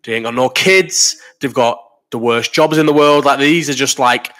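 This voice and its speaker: A man's voice: mid-range voice, moderate pace, a bit bright. A man in his thirties hosting a casual live chat, rambling and swearing as he reads out comments while sick with a cough. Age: 30s. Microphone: desk microphone.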